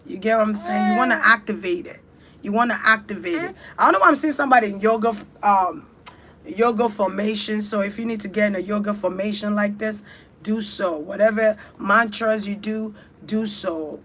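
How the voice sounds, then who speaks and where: A woman's voice: medium pitch, moderate pace, fairly bright tone, a little hiss or hum. A woman leading a spiritual ritual talk, urging listeners on in fervent, repetitive, chant-like phrases. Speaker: spiritual speaker.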